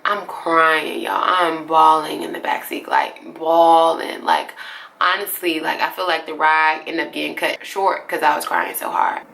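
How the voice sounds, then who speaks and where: A young woman from Atlanta tells a story to her viewers, her voice fairly low with a gravelly edge. The tone is bright and lively, loose and full of slang. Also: unhurried. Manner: animated, slangy, addresses viewers as y'all. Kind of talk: casual storytime vlog.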